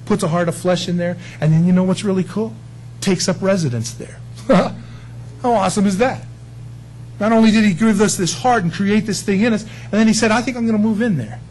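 A man's voice: high voice, moderate pace, darkish tone, slight background noise, rough recording. A man preaching a sermon, emphatic and folksy, often asking his listeners questions.

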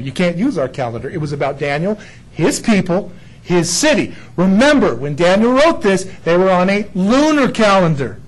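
A man preaching a Bible sermon in an animated, jokey way, acting out the figures he quotes. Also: high-pitched, moderate pace, rough recording.

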